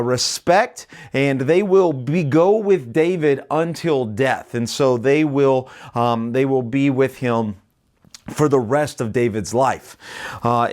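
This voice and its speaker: A man teaching through a Bible chapter in a casual, conversational way, retelling the story with quoted lines and frequent "right?" asides. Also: a little high. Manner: conversational, retells scripture with quoted voices, many fillers and "right?".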